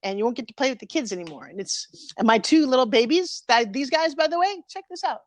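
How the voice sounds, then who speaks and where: A woman's voice: high voice, animated, fast talker. A woman in her fifties, a guest talking candidly and animatedly in an emotional interview, close to tears, over a live video stream. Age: 50s.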